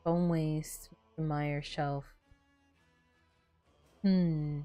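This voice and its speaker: With a low, dark voice and flat delivery, a woman streamer speaks extremely slowly, rambling through filler-heavy stories in casual gameplay chat. There's no room sound, just faint music in the background.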